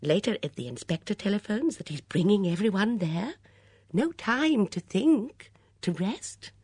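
An elderly lady sleuth lays out a murder in measured, earnest tones, voiced by a woman reader. Her pitch rises and falls widely. The sound is close and dry. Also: very animated, darkish tone, breathy edge, dry recording, exaggerated voice. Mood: urgent. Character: elderly woman sleuth, gentle but grave.

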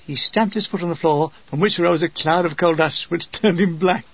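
A man reading his own wartime memoir with dry, deadpan comic timing. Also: on the high side, a little fast, breathy edge, no echo, dull audio. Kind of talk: comic audiobook narration.

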